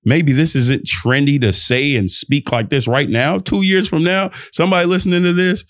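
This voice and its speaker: With a slightly high voice, normal speed and few pauses, a young adult from Texas hosts his podcast in clean studio sound without echo. He launches into a preachy, rambling pep talk that hops from idea to idea, emphatic and lively, often breaking into laughs.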